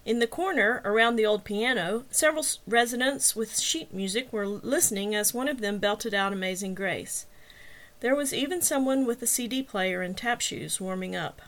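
A woman narrating her own novel as an audiobook, reading with expressive storytelling. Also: medium pitch, moderate pace.

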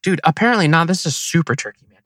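A man casually telling a hunting story on a podcast, animated and slangy, acting out his own thoughts. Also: fairly high pitch, fast, no echo.

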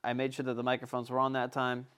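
Guy in his twenties ranting a story to a friend, lively delivery, lots of cursing. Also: medium pitch, quick pace, clear, resonant tone. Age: young adult. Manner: animated storytelling, heavy swearing. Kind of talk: casual chat.

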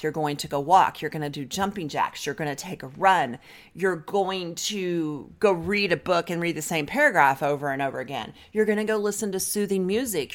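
Woman therapist, lowish voice, lively up and down, blunt practical coaching. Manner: direct, coaching, guides breathing slowly. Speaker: marriage therapist. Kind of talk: advice talk to camera.

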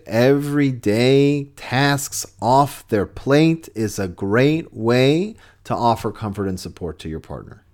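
A man's voice: mid-range voice, a little mellow. A man hosting a podcast, giving relationship advice in an earnest, conversational way with frequent restarts. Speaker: podcast host.

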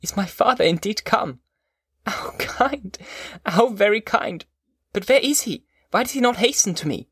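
A man voicing a distraught, feverish young man with pleading, high-strung outbursts in an audiobook. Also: expressive, moderate pace, a bit bright, husky, dry recording, studio quality. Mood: overjoyed. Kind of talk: audiobook character voice.

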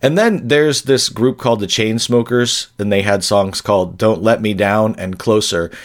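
A man's voice: on the low side, moderate pace. Rambling, dry-humored podcast host guy. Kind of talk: casual podcast chat.

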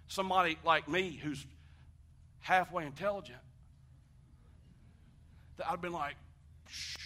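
A preacher man with a very bright, slightly high voice. He preaches in a chatty way, firing questions at the congregation. He drops to a hush, then climbs to a shout. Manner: animated preaching, swings from hushed to shouting; conversational, asks the congregation questions. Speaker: pastor. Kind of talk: sermon.

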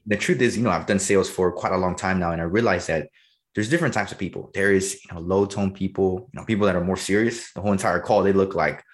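A young man in his early twenties talks quickly about his sales work, with lots of energy. His voice sits low. He laughs often and keeps the chat casual. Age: early 20s. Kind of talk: casual conversation.

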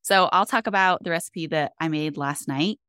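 Low-voiced woman podcaster, smooth and clear. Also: normal speed, sharp tone, no echo, studio quality. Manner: enthusiastic, upbeat storytelling. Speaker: podcast co-host. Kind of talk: casual chat.

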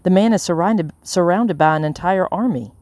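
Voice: mid-range voice, normal speed, darkish tone, dry recording, natural voice. A reader voicing a nervous colonial-era male conspirator who asks anxious questions in an audiobook. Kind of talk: audiobook character reading.

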